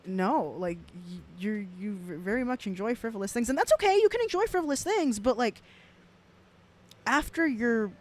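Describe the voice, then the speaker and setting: A woman in her twenties with a South Texas accent talks straight to her stream, blunt and heavily profane. She rambles, restarts her sentences and drifts into laughing asides, at an ordinary middle pitch. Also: slight background noise. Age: 20s. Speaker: streamer reacting to clips. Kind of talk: casual commentary stream.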